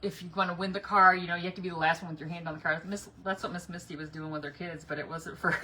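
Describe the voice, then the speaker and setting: With a fairly low, steady voice that is bright and forceful, a middle-aged woman talks quickly and rambles while painting crafts on a home livestream. She laughs often. The setting is her yard or garage, and the stream's audio is noisy.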